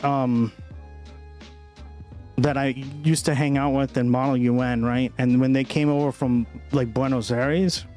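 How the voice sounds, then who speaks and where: A man's voice: medium pitch, darkish tone. A young man hosting a political livestream, chatting casually and profanely with viewers, rambling and often asking "right?".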